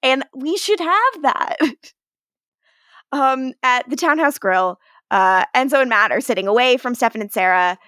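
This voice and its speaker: High, lively woman podcast host. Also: unhurried, no room sound, studio quality. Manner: lively recaps, laughs often. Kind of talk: casual TV rewatch chat.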